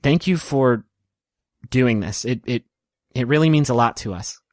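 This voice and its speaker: A man voicing a kind adult woman who speaks with warm gratitude. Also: medium pitch, a little slow, no room sound, clean studio sound, close to an everyday voice. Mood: grateful. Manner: warm and thankful.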